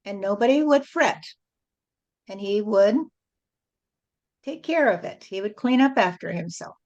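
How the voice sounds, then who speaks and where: A woman's voice: medium pitch, expressive, a little mellow. Woman channeling a rhyming spiritual message. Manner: slow, rhyming, repetitive preaching cadence. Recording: dull lo-fi recording.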